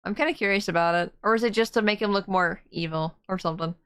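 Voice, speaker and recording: A woman's voice: medium pitch, quick pace, fairly bright tone, smooth. A woman streamer giving casual, giggly let's-play commentary and reacting aloud to a game.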